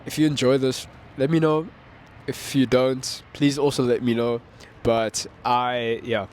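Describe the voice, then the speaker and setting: A man's voice: mid-range voice, flat delivery, measured pace, darkish tone, slight background noise. Man musing casually outdoors. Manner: rambling, self-correcting, laughs often. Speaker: musician vlogger. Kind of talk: casual reflective monologue. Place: outdoors in a town with birds.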